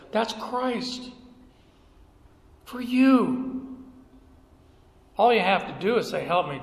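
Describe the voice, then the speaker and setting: Middle-aged male pastor, high voice, slow unhurried sermon, emphatic storytelling, echoey church hall. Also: fairly bright tone. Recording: echoey hall, roomy reverb.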